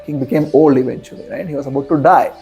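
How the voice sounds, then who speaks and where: A man's voice: mid-range voice, steady tone, fast talker, mellow, faint music behind, low-quality recording. A man, a spiritual teacher, casually telling a story in a talk. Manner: casual, chatty, checks in with listeners.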